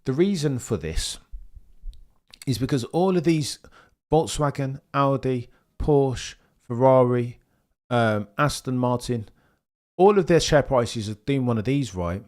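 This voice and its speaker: Male streamer, mid-pitched, chatty and rambling, reads out chat. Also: animated, unhurried, darkish tone. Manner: chatty, rambling, addresses viewers by name. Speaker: livestream host reading viewer chat. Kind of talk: casual livestream commentary.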